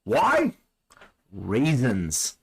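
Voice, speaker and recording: A man's voice: medium pitch, huge pitch swings, drawn-out words, vocal fry, breathy edge, low-quality recording. A man co-hosting a podcast, chatting casually with a wry, joking manner and frequent laughs. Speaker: podcast co-host.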